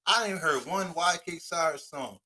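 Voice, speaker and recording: A man's voice: fairly high pitch, normal speed, sharp tone. Laid-back slangy man co-host. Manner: laid-back, slangy, argues his point. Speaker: podcast co-host. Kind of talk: casual chat.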